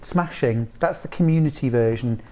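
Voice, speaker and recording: A woman's voice: a bass voice, moderate pace, mellow, slight background noise. A woman presenting a live craft shopping broadcast, chatty and enthusiastic as she reads out viewer messages. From United Kingdom.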